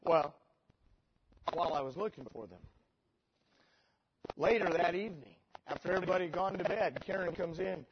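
A high-voiced middle-aged preacher tells a story from the pulpit, swinging between deadpan sarcasm and loud, heartfelt peaks. The recording is dull and lo-fi, with steady noise underneath. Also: male voice, normal speed, long pauses. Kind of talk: storytelling sermon.

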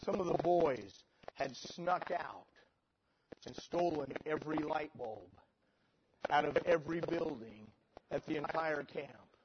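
A middle-aged man preaching a sermon through a story, moving between dry sarcasm and loud emotional peaks. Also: a little high, slow, pauses often. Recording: dull lo-fi sermon recording with noise.

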